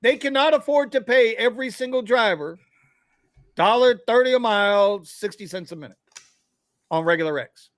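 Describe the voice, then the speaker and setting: A man from Florida with a notably high voice rants bluntly and profanely as a co-host on a casual talk show. The sound is dry and close, with little room around it. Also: lively intonation, moderate pace, no echo. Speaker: podcast co-host. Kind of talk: casual chat.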